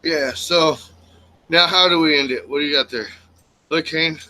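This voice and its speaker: A man's voice: on the high side, normal speed, pushed and bright, poor audio. Laid-back man co-hosting a stream. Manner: laid-back, laughing, profane. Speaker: co-host. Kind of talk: casual banter on a livestream show.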